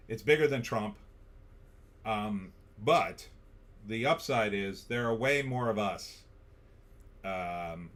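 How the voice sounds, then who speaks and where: A man's voice: fairly low pitch, fairly bright tone. A man hosting a political livestream, blunt and sarcastic, reading viewer comments aloud. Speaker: livestream host.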